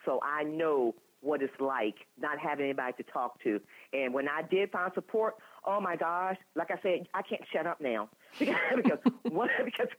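A woman in her sixties, a guest in an interview, talking in an animated, chatty way with frequent laughs and restarts. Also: low-pitched, moderate pace, hardly any pauses. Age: 60s. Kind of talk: candid conversational storytelling. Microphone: telephone. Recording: tinny phone line.

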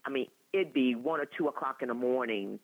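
A woman in her sixties, a guest in an interview, talking in an animated, chatty way with frequent laughs and restarts. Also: very deep voice, fairly quick. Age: 60s. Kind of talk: candid conversational storytelling. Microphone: telephone. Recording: tinny phone line.

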